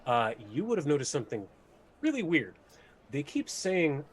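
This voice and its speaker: A man's voice: a little high, very animated, normal speed, husky. A man running a tabletop game as game master, describing scenes with many hesitations.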